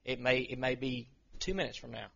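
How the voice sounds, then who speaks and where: Gravelly earnest man preaching. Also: mid-range voice, fairly bright tone, lo-fi sound. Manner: earnest, reads scripture slowly then talks plainly. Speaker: preacher to a men's group. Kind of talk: informal sermon.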